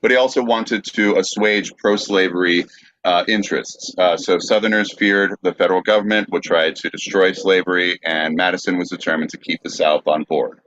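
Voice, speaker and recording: Very deep-voiced man reading notes. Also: fairly even intonation, fairly bright tone, dry recording. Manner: halting reading with fillers. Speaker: host. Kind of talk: reading history in casual chat. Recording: dull lo-fi sound.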